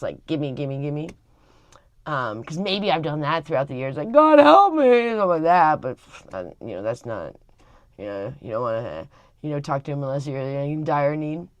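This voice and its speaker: Low-voiced rambling woman vlogger. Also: normal speed, no echo. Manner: rambling, many fillers and restarts. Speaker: family vlogger. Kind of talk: casual talk to camera.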